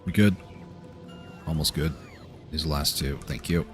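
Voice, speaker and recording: A man with a strikingly deep, low voice chats loosely while he plays, half-muttering his thoughts as he goes. Faint game music sits quietly under his talk. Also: measured pace. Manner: relaxed, muttering to himself while playing. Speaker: streamer. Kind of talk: casual gameplay commentary.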